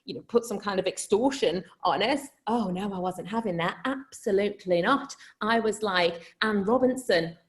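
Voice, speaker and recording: A woman's voice: medium pitch, moderate pace, few pauses. A woman with a Scouse accent telling a comic story to a live crowd, chatty and self-mocking, laughing mid-sentence and swearing freely. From Liverpool, England.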